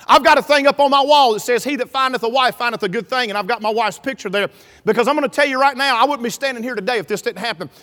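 Middle-aged male preacher, storytelling sermon, very high voice, big hall reverb. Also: fast talker. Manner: storytelling preacher, builds to shouting. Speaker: pastor. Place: church sanctuary.

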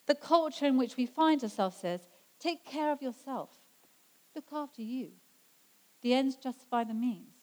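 A woman preaching a sermon in an earnest way, slowing down to stress scripture quotes. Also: high voice, expressive, rough recording. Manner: earnest, slows down for emphasis when quoting scripture.

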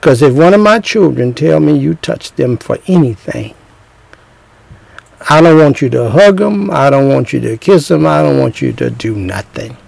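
A middle-aged man delivering relationship advice in a preachy, emphatic way, hammering his points with repetition. His voice sits a bit high for a man, with a gravelly rasp. The sound is close and dry. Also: animated, moderate pace, a little mellow, dry recording, poor audio. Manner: emphatic, repetitive, acts out scenes. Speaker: speaker giving relationship advice.

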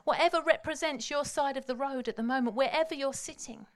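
A woman preaching a sermon, telling the story dramatically and swinging from hushed tones to loud calls. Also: sits high, fairly quick.

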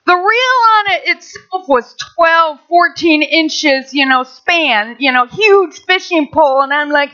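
Woman, high voice, church testimony, animated chatty storytelling, muffled lo-fi recording. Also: a little slow, few pauses. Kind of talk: personal testimony in a church talk. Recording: dull lo-fi sound.

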